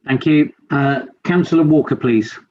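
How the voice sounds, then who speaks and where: Brisk man chairing a meeting, lo-fi call. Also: medium pitch, darkish tone. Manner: brisk, polite, procedural. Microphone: video call. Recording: dull lo-fi call audio.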